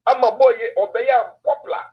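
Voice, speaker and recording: A man's voice: extremely high pitch, fairly even intonation, fairly quick, slightly rough, highs cut off. A man with a Ghanaian accent hosting a casual political talk stream, emphatic and repeating words for effect. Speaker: political commentator host.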